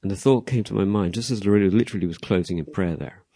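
A man's voice: deep voice, fast, dark tone. A man giving an informal, chatty reflection at a church gathering, correcting himself as he goes and acting out the dialogue he retells. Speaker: church member sharing a reflection.

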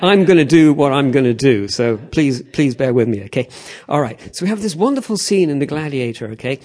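A man's voice: mid-range voice, a little fast. A man preaching animatedly, often checking in with the audience. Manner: animated, repeats "okay? all right?" to the audience. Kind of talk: sermon.

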